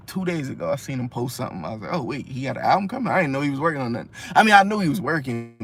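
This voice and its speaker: A man's voice: mid-range voice, creaky, husky. Slangy rambling man reviewing albums. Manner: rambling, slangy, frequent restarts and fillers. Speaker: music reviewer. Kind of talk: casual album review monologue.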